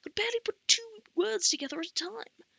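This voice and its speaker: A woman's voice: extremely high pitch, brisk, creaky, pushed and bright, dry recording, pitched above the performer's own voice, heavily acted. A woman voicing a fussy, talkative male scribe master who repeats himself in an audiobook. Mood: pompous.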